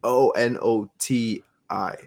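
A man's voice: medium pitch, fairly even intonation, slow pace, darkish tone. A man co-hosting a podcast in casual chat, earnest and hesitant, stumbling over his words. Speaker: podcast co-host.

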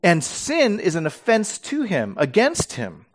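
A man preaching a sermon, reading scripture dramatically and explaining it in a casual, animated way with fillers and restarts. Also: sits high, a little slow.

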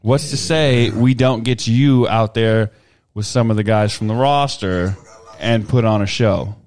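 A man hosting a casual podcast, talking loosely and swearing freely as he pitches ideas. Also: unhurried, darkish tone. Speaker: podcast host.

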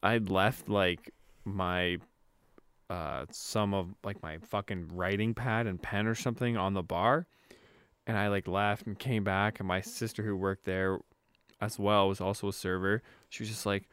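A man's voice: fairly low pitch, moderate pace, a bit bright, clean tone, no echo. A young man co-hosting a podcast in casual chat, laid-back and swearing, laughing as he tells a work story. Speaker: podcast co-host.

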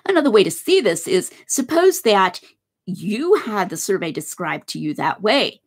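Husky woman lecturing with lively pitch. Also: normal speed. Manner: conversational explaining with hypothetical examples. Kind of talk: philosophy lecture.

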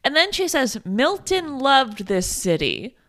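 Woman podcast co-host, animated and bright, laughs a lot, swears casually. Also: high-pitched, takes it slowly. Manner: laughing often, swearing, sarcastic asides. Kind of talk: casual chat recapping a film.

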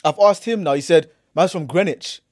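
A young man with a London accent telling a story on a casual podcast, acting out what people said with slangy, lively delivery. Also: fairly high pitch, normal speed, no room sound, clean studio sound. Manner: animated, acts out quotes, slangy. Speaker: podcast host.

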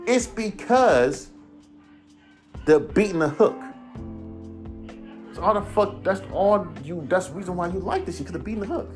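On a casual podcast, a rapper and host in his thirties launches into a heated, profane, rambling rant. His voice is high and expressive, moving at a moderate pace with long pauses, while faint music plays behind him.

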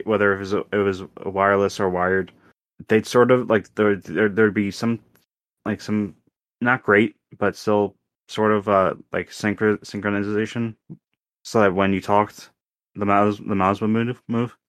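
Halting man on a dry podcast mic. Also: on the low side, steady tone, no room sound. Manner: halting, many restarts and fillers. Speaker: podcast co-host. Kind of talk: casual chat.

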